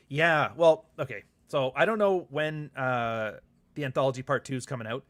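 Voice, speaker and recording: A man's voice: mid-range voice, moderate pace, fairly bright tone. A man hosting a casual livestream chat, rambling and profane, reading viewer comments aloud and often laughing. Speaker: author and livestream host.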